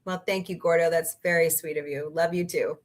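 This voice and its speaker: A woman's voice: on the low side, fairly even intonation, brisk. A woman hosting a casual livestream, reading out viewer comments and chatting with sarcastic jokes and laughs. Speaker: livestream host.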